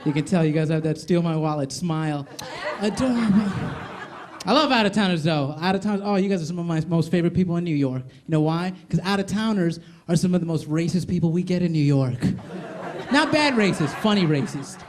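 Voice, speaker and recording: A young male comedian with a high, light voice, working a live club crowd from the stage with a handheld mic. Loud audience laughter rolls in behind his animated, quick-fire stand-up. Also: background noise. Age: young adult.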